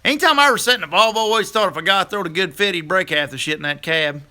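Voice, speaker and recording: Host, middle-aged man, high and piercingly bright voice, folksy live-stream banter. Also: rapid-fire. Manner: folksy, chatty, laughs easily. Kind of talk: casual live stream chat with viewers.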